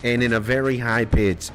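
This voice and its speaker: A man chatting casually on a live gameplay stream, rambling, laughing often and swearing now and then. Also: medium pitch. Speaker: game streamer. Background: faint retro game music.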